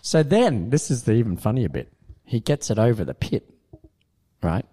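A man telling an animated story in casual studio chat, laughing often. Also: medium pitch, normal speed.

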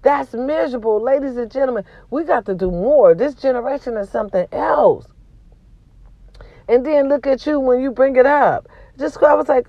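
A woman's voice: high-pitched, normal speed, dry recording, dull audio. A woman hosting a casual vlog, venting to her viewers in a blunt, profane way, with a sore throat from a cold. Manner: blunt and profane, swings between loud and quiet. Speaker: vlog host.

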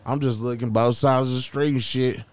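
A man's voice: medium pitch, steady tone, fairly quick, clean tone, no room sound. Slangy, profane storytelling man. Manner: loose, slangy, heavy swearing, acts out quotes. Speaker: podcast guest. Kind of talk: casual storytelling.

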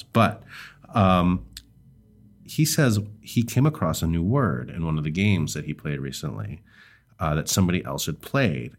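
A man co-hosting a podcast, chatting casually with relaxed, hesitant pacing and many fillers. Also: rumbling low. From United States. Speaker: podcast co-host.

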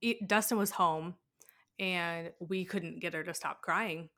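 Casual chat guest: woman, 30s, lower pitch, bright forward tone, candid storyteller. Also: unhurried. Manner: candid, animated storytelling with laughs. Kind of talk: casual conversation.

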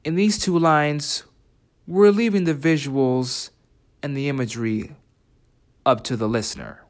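Male writing instructor, mid-pitched, reflective lesson delivery with questions to the listener. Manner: reflective, asks listeners questions, reads lyric quotes slowly. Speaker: writing teacher. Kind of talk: spoken lesson comparing translations.

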